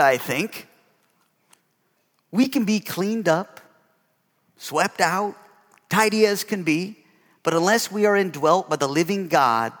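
A man's voice: a little high, fairly bright tone, in a large hall. A male pastor preaching a sermon with emphasis, often calling out for an amen.

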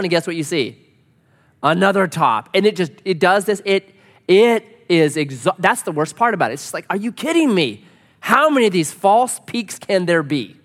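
Animated male pastor in a reverberant hall. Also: fairly high pitch. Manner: storytelling, animated, quotes people with voices. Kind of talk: sermon.

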